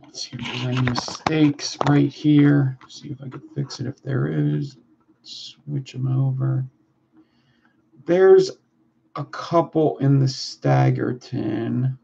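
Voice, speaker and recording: Gravelly yet warm, his medium-pitched voice moves slowly with fairly even intonation as he builds vape coils live and banters crudely with his audience. The audio is muffled, lo-fi stream quality, carrying faint noise.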